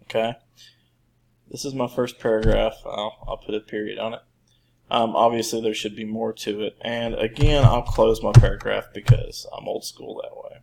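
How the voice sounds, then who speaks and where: Gravelly low-voiced man teaching code. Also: normal speed, slight background noise. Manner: relaxed, rambling, many fillers and restarts. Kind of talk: screen-recorded coding lesson.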